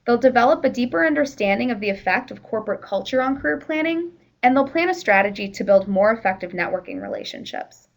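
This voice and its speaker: In a slightly high voice, a woman runs a workplace training session, explaining things conversationally and dropping in the occasional "you know." The recording is rough.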